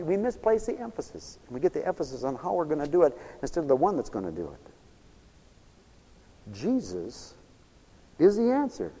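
A man preaching a sermon, swinging from loud high exclamations to low murmurs. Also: in a large hall, rough recording.

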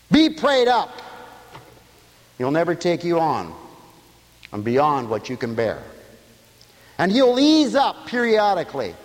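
A man preaching a radio sermon as pastor, animated, shouting out lines and laughing at his own jokes. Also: medium pitch, big-room sound.

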